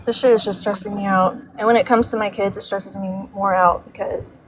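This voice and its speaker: A woman's voice: mid-range voice, steady tone, fairly quick. A woman venting on a livestream, rambling and emphatic, heavy with swearing. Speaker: livestream guest. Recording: noisy background.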